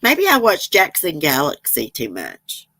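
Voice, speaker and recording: Woman host, low voice, rambling chatty livestream talk, dry close sound. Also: wildly swooping pitch, a little slow, fairly bright tone, no echo. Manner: chatty, rambling, laughs often. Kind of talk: casual chat reading viewer comments.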